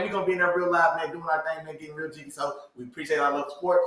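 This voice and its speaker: Hoarse male podcast co-host, quick and loose, tags "man" onto everything; very echoey room. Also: on the high side, steady tone, sharp tone, far from the mic. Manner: ends nearly every phrase with "man". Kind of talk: casual podcast shout-outs. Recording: very echoey room, away from mic.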